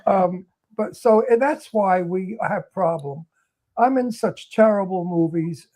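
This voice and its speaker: A man with a Brooklyn accent speaks as a guest in a talk show interview, blunt and opinionated. His voice sits high for a man. He hammers his points home with emphasis. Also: a little slow, a little mellow. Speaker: actor and guest.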